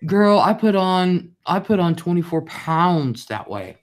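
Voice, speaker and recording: A woman's voice: fairly low pitch, sing-song, measured pace. An older woman hosting a live chat show, telling rambling, profane stories in a blunt way and reading out viewer comments.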